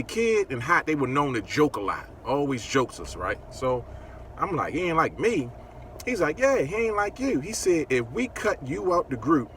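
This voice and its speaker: A middle-aged man spins a personal story for his viewers in a bright, forceful voice. He jumps up in pitch whenever he acts out what someone said. Faint street traffic hums behind him outdoors. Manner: animated, acts out quoted dialogue with a rising voice. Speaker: singer telling his story.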